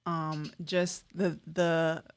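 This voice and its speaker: A woman's voice: low voice, drawn-out words, smooth. A young woman from Los Angeles, a guest artist telling stories in a casual interview, acting out quotes and laughing often. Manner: animated storyteller who acts out quotes, laughs often.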